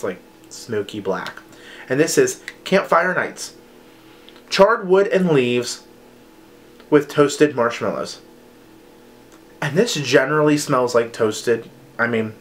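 A young man chatting casually to camera as he reviews wax melts, rambling and filling his talk with "like" and "um". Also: medium pitch. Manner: chatty, rambling, says "like" often.

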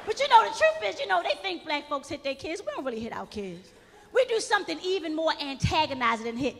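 A woman performing a stand-up comedy set on stage, talking straight to the crowd in a loud, animated way. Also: sits high, fast, creaky, long reverb tail. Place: comedy stage before a live audience. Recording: live crowd and room noise.

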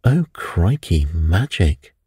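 A man's voice: deep voice, very animated, slow, a little mellow, slightly rough, no echo, clean studio sound, heavily acted. A man reading a bedtime story, voicing a careless, scoffing middle-aged doctor who laughs things off.

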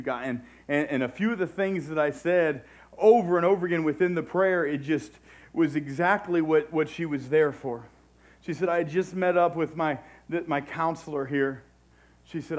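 A man with a fairly high voice preaching from the pulpit. He tells a personal story in a conversational way, dropping low and quiet for retold dialogue, then climbing back up to press his point. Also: steady tone, normal speed. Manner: conversational testimony, swinging between hushed retold dialogue and raised exhortation. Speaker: pastor. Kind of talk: sermon storytelling.

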